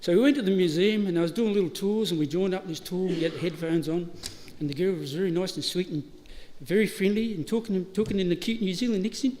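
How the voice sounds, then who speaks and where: Australian man, middle-aged, high voice, laughing through stories, long hall reverb. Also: fast, few pauses, a little mellow, slight background noise. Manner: chatty, laughing, frequent restarts. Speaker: eulogy speaker. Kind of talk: storytelling eulogy. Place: funeral service hall. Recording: hall reverb, live stream.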